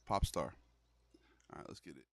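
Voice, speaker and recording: A young man streaming a horror game, chatting casually and loosely with his viewers, full of slang. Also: normal speed. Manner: loose, slangy, calls the audience "bro". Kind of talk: casual gaming livestream chat.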